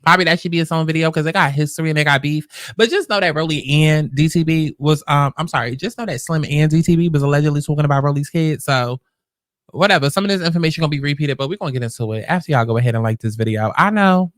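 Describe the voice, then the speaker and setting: A woman's voice: low-pitched, fast, no room sound. A woman hosting a casual reaction commentary, talking in a chatty, rambling way into a close mic. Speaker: host. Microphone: close podcast mic.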